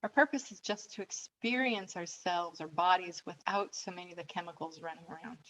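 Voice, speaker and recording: A woman coach leading a calm guided relaxation and breathing exercise, giving gentle step-by-step instructions. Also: fairly low pitch, a little fast, a little hiss or hum, poor audio.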